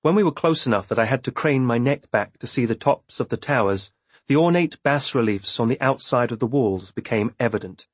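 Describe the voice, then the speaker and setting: A man reading a novel aloud in first person with measured, steady storytelling. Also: mid-range voice, husky, dry recording. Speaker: audiobook narrator. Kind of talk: scripted first-person narration.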